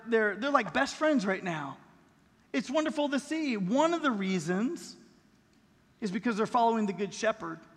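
A very high-pitched, somewhat bright male voice carries a sermon through a large church hall, where the long reverb lingers. The middle-aged pastor speaks conversationally, often posing rhetorical questions.

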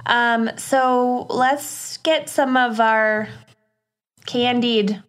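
A woman's voice: a little high, fairly even intonation, extremely slow. A woman co-hosting a podcast in casual chat, playful as she keeps the show moving. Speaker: podcast co-host.

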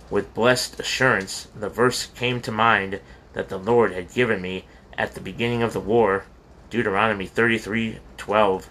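A man's voice: fairly low pitch, sharp tone. A man reading a memoir aloud in an earnest, heartfelt way, with small slips and restarts. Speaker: audiobook reader. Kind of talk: scripted memoir narration.

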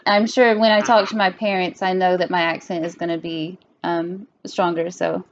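A woman's voice: on the low side, little pitch movement, moderate pace, lo-fi sound, slight background noise. A young woman, hosting a casual podcast chat with her father, giggly and full of fillers. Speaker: podcast host.

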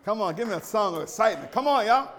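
High-voiced man preaching a sermon. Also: expressive, quick pace. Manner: call-and-response preaching, rising to shouts; plain folksy speech, coaxing the congregation. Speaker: pastor. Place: church sanctuary.

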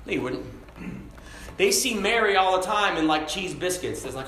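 A man preaching a sermon, moving between shouted passages and quiet, conversational asides. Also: high-pitched, animated, normal speed, roomy sound, a little hiss or hum. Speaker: pastor.

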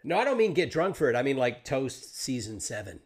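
A man's voice: medium pitch, sing-song, fairly quick, vocal fry, over a noisy crowd. A man hosting a casual interview on a livestream over a video call, joking and self-deprecating, rambling as he talks. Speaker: podcast host and Twitch streamer.

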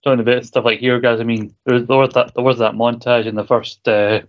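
A man's voice: mid-range voice, little pitch movement, fast, highs cut off. A man co-hosting a podcast, rambling in casual chat, laughing often and swearing casually. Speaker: podcast co-host. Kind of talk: casual chat about a TV show.

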